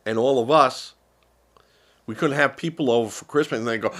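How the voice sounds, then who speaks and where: A man's voice: medium pitch, fairly quick, long pauses, a bit bright. An older man from the United States who is feeling unwell, giving rambling, sarcastic political commentary with lots of fillers on a live stream.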